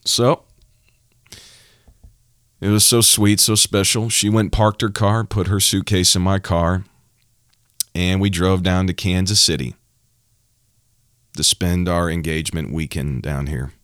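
A young preacher man with a very low voice gives a heartfelt testimony, pressing his points home by repeating phrases. He is recorded close and dry, with no room around him. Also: level tone, a little slow, long pauses, a bit bright, no room sound. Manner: emotional, emphatic, repeats phrases for effect. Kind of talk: personal testimony in a preaching style.

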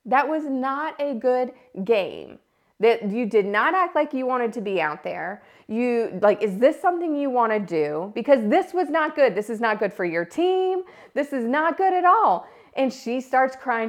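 Woman, 30s. Casual podcast host, animated storyteller, a bit high-pitched. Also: measured pace. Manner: animated storytelling, acts out quotes loudly. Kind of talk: casual solo podcast talk.

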